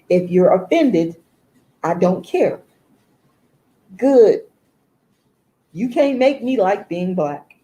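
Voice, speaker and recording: A woman, hosting a live stream and venting in a deliberate, emphatic way, repeating herself. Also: mid-range voice, animated, dark tone, low-quality recording. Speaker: livestream host.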